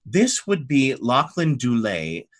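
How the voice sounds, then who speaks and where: A man's voice: medium pitch, big pitch swings, takes it slowly, voice pushed up. A man voicing a polished, scheming woman who speaks with mock politeness in a tabletop game. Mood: mock-polite.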